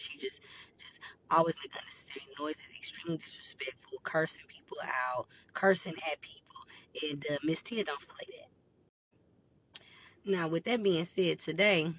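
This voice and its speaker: A woman working as a school behavior interventionist, ranting to camera in a blunt, profane, emphatic way and building up to near-shouting. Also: low-pitched, normal speed, a little hiss or hum.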